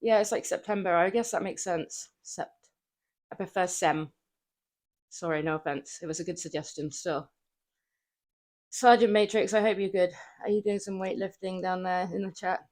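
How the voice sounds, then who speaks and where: A woman livestreaming from her flat, chatting playfully with viewers and laughing often while she works out, a little out of breath. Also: lowish voice, moderate pace. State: out of breath from exercise. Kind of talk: casual livestream chat while working out. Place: home flat.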